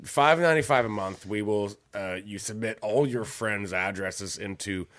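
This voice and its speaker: Podcast host, low-pitched man, lively, swears a lot, acts out voices in a story. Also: normal speed. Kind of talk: casual chat, storytelling.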